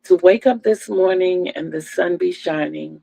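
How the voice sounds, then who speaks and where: A woman's voice: lowish voice, a little slow, creaky, warm tone, no room sound, poor audio. A woman in her sixties from Virginia, hosting her crochet channel in a homey, chatty livestream and calling her viewers "y'all". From Virginia, USA. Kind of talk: casual livestream chat.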